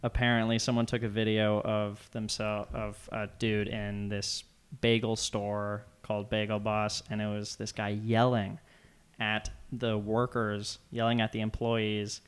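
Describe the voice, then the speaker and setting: A young man chatting casually, retelling a story with animated, loud acted-out quotes. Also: on the low side, a little slow, clean tone. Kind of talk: casual chat.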